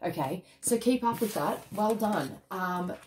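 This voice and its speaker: A woman's voice: mid-range voice, animated, a little slow, noisy background. A woman giving a casual tarot reading, chatty and emphatic with mild swearing and a habit of ending lines with "okay?". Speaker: tarot card reader.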